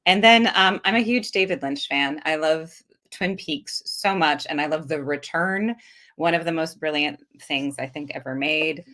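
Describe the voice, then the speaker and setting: A woman's voice: low voice, normal speed, a bit bright. A woman speaking as a guest actress in a casual podcast interview, earnest and reflective, often breaking into laughter.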